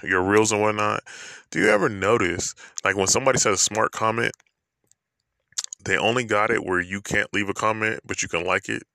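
Deep gravelly man ranting casually. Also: fairly quick, sharp tone, no room sound. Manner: loose, slangy, rambling with many fillers. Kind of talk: casual opinion monologue.

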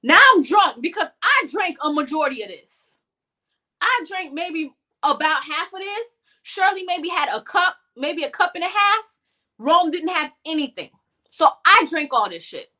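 A young woman from North Miami tells a story on a casual podcast chat. Her voice sits high and sounds bright and sharp. She tells it in an animated, profane way. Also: moderate pace. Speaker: podcast co-host.

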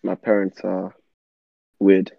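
A man's voice: deep voice, monotone, slow pace, vocal fry, no room sound, phone-quality sound. A young man with a British accent, a laid-back, teasing guest in a casual chat.

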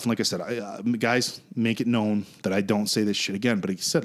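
Man, 30s, podcast co-host; animated profane storyteller, voice leaps up on quoted lines. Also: fast. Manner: animated, profane, restarts a lot, voice jumps high when quoting himself. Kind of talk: casual storytelling chat.

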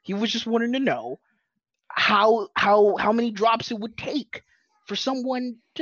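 A man's voice: high-pitched, big pitch swings, normal speed, a bit bright, no echo. A man chatting casually about his tabletop game character, rambling with restarts, laughing and swearing. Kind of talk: casual podcast chat. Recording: dull lo-fi audio.

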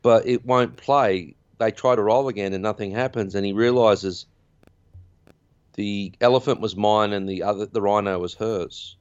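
A man's voice: fairly low pitch, steady tone, normal speed, smooth, no echo, muffled recording. A man hosting a podcast, recapping a film in a chatty, rambling way. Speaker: podcast host. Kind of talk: casual film recap chat.

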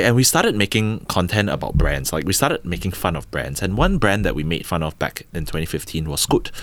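A man in his thirties with a Singaporean English accent, a podcast guest telling business stories in a lively, chatty way, acting out quotes and ending lines with "right?". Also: low-pitched. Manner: animated storyteller, acts out quotes, tag questions "right?". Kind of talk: casual storytelling interview.

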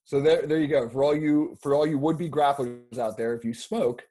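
A man's voice: mid-range voice, fairly even intonation, normal speed, dark tone, a little hiss or hum. A man hosting a casual podcast, telling a long story in a rambling way with many restarts and fillers. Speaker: podcast host.

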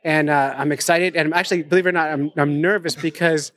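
A man with a slightly high, fairly bright voice talks fast in a fairly even tone, with a little hiss or hum in the audio. He's a podcast host recording live at a conference venue, chatting casually at a conference table and tossing in jokey, self-mocking asides.

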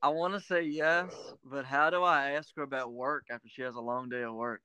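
A young man co-hosting a casual podcast, easygoing, his sentences often trailing off quietly. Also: medium pitch, steady tone, brisk, smooth, no echo. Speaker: podcast co-host. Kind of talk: casual chat.

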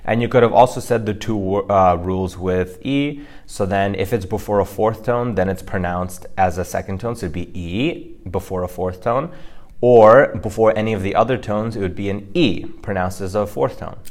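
A young man co-hosting a podcast lesson, explaining at length in a quick, chatty way with fillers. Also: on the low side, fairly even intonation, a little mellow. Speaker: podcast co-host teaching Mandarin.

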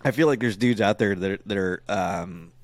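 A man's voice: fairly low pitch, normal speed, no room sound. A young man in casual podcast chat, crude and joking, often cursing. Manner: crude, joking, jumps into loud mock voices. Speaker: podcast co-host.

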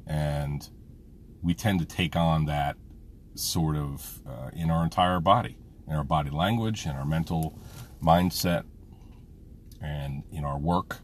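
Super deep voiced middle-aged dad rambling and cussing casually, faint car noise behind. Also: male voice, takes it slowly, pauses often. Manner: rambling, frank, swears freely. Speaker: vlogger, father. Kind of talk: casual personal monologue.

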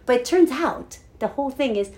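A woman co-hosting a casual chat podcast. She tells stories with energy and swears a lot. When she acts out her own panic, her voice gets loud and shrill. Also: animated, a little fast. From lives in Hawaii. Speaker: podcast co-host.

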